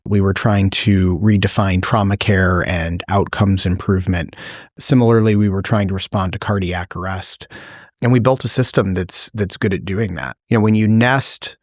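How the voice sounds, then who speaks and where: A man speaks as a guest executive. He answers in a measured, articulate way, laying out points one by one. The recording is close and dry, with no room sound. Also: low voice, fairly even intonation, no room sound. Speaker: healthcare company executive, guest. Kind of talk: interview answers.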